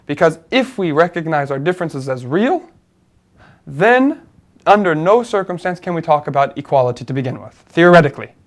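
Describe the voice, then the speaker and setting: Man explaining ideas in a higher voice. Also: lively intonation, a little fast. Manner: thoughtful, explaining step by step with many fillers and restarts. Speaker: co-host. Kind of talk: conversational discussion.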